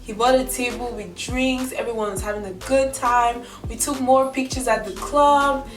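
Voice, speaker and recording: A young woman vlogger telling a story in a chatty, animated way, acting out her own quotes. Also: fairly high pitch, normal speed. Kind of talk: casual storytelling. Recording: roomy echo from a distance, music behind. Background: background music.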